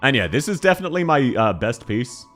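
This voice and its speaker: A man streaming a game live, chatting excitedly with viewers and giggling often. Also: medium pitch, brisk, faint music behind. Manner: excitable, giggly, reacts to chat messages.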